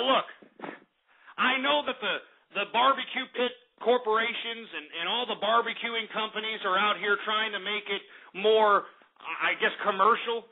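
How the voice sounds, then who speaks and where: Ranting man, raspy and high-pitched. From Texas. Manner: profane, heated ranting. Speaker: radio show host. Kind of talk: talk radio rant. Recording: tinny phone-like internet radio.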